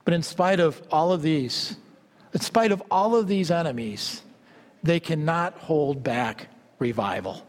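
A male preacher delivering a fervent sermon, swinging between loud exclamations and low asides. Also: animated, measured pace. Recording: long hall reverb.

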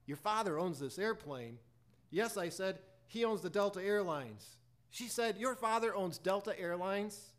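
A preacher telling a personal story in a sermon, acting out both sides of a conversation and reciting hymn lyrics. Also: male voice, high-pitched, unhurried. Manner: animated storyteller acting out dialogue.

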